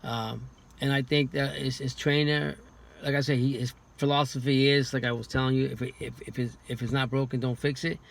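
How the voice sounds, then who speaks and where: Male boxing guest, flat monotone, halting speech with restarts. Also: medium pitch, vocal fry. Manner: halting, many restarts and repeated words. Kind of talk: casual podcast chat.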